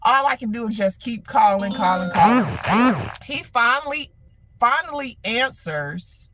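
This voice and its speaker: A middle-aged woman hosting a livestream, telling a story in an animated, exasperated way with lots of repetition. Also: a little high, measured pace, over loud music. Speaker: livestream host. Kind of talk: casual venting monologue.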